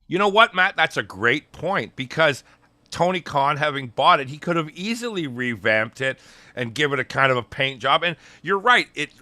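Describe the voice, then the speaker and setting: Bright, crisp-voiced man reviewing wrestling. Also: fairly high pitch, no echo. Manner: enthusiastic, retells promos in quoted voices. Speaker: podcast co-host. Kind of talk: casual wrestling review chat.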